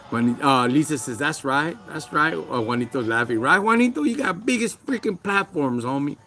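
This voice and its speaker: In a backyard livestream, a man with a Chicano accent rants in slang, preaches and responds to his chat. His slightly high, somewhat bright voice has lively intonation and a moderate pace, with faint music in the background.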